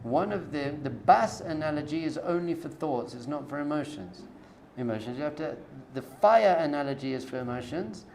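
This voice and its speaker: A man's voice: a little high, animated, moderate pace, hardly any pauses, darkish tone, a little hiss or hum. A man, a rabbi, giving an informal spoken lecture to a live group, coaching them directly with everyday analogies in a conversational tone. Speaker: rabbi teaching a class.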